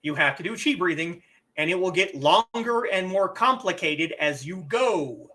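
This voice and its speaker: A man's voice: high voice, animated, normal speed, sharp tone. A man streaming a game, talking casually and poking fun at himself. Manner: chatty, self-deprecating.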